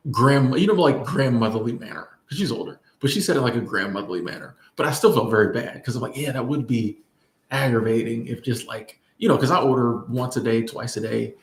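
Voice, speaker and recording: Rambling casual man in an echoey room. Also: medium pitch. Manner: rambling, conversational, lots of fillers and restarts. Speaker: vlogger. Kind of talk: casual storytime chat. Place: in Bangkok.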